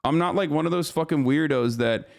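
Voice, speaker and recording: A man's voice: fairly high pitch, brisk, creaky, a little mellow. A man streaming live, giving casual, profane and incredulous commentary as host.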